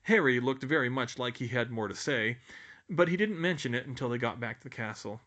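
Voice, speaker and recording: A man narrating an audiobook in a lively, expressive reading voice. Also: medium pitch, brisk, muffled recording. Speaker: audiobook reader.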